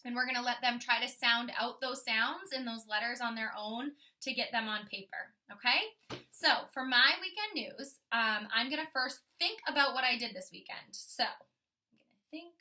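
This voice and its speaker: A young woman teaching kindergarten, modeling writing and thinking out loud as she slowly sounds out letters for young children. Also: fairly high pitch, distant mic.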